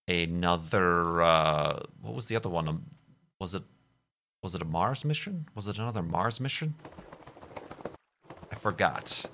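A man's voice: sits low, pushed and bright. A man casually chatting with viewers as a streamer, answering their questions in a rambling, playful way. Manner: rambling, playful, full of restarts and asides. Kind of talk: casual chat.

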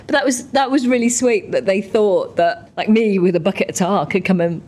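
A woman from the UK, a guest in a conversational interview, chatty and lively when telling stories. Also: medium pitch, fast, few pauses. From United Kingdom. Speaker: interview guest, parliamentarian and ex-athlete.

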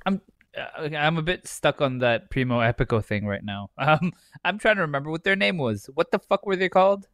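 A man's voice: on the high side, fairly quick, fairly bright tone, no room sound. A man co-hosting a casual podcast, swearing freely, laughing often and trailing off into restarts. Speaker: podcast co-host. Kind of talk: casual chat.

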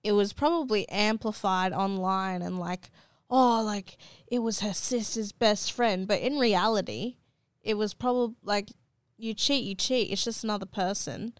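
A woman's voice: medium pitch, measured pace, clear, resonant tone, no room sound. A young woman co-hosting a casual chat podcast, chatty, filling her talk with "like". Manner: chatty, uses "like" a lot, mimics others. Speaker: podcast co-host.

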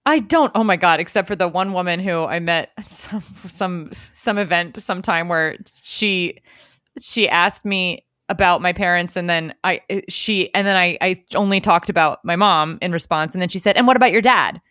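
A young woman co-hosting a casual podcast chat, animated and laughing often, with lots of fillers. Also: fairly low pitch, moderate pace, no room sound, studio quality. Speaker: podcast co-host.

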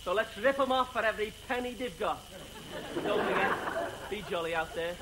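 A man's voice: sits high, normal speed, a loud crowd, very noisy, voice pushed up, lightly acted. A man doing a mock Scouse Father Christmas giving a hammy pep talk to his staff. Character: jolly scheming male Father Christmas boss.

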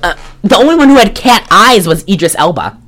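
A woman's voice: mid-range voice, very animated, brisk, fairly bright tone, faint music behind. A woman co-hosting a podcast in casual chat, blunt and exasperated, rambling with many restarts. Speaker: podcast co-host.

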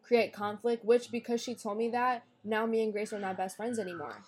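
A woman's voice: fairly high pitch, fairly even intonation, brisk, darkish tone. A young woman guest on a podcast, bluntly and profanely retelling a falling-out with friends in casual chat. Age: young adult. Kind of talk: casual storytelling.

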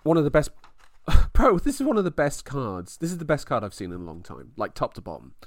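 A man co-hosting a casual fight podcast, excitable, laughing often and swearing freely. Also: on the high side, brisk, no room sound. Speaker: podcast co-host.

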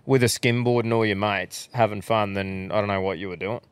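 A man's voice: fairly low pitch, fairly even intonation, a little fast, clear, resonant tone, no room sound. A young Australian man co-hosting a casual podcast chat, swearing freely and laughing through his stories. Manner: swearing, yarn-spinning, laughs often. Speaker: podcast co-host.

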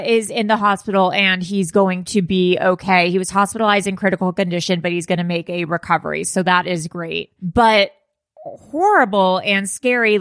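A woman co-hosts a casual chat in a quick, joking way and laughs at her own remarks. Her voice sits at a middle pitch. The sound is dry and close, with no room echo. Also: a bit bright. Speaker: podcast co-host.

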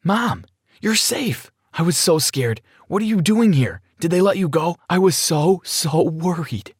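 A man voicing a terrified teenage boy, talking in a slow, strained and shaky way. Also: a little high, animated, slightly rough, no echo, studio quality, voice pushed up. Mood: frightened.

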